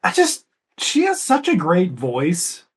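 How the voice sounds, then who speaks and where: A man's voice: high voice, huge pitch swings, slow pace, breathy edge. A man co-hosting a casual movie commentary, rambling and chatty, swearing offhandedly. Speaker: podcast co-host.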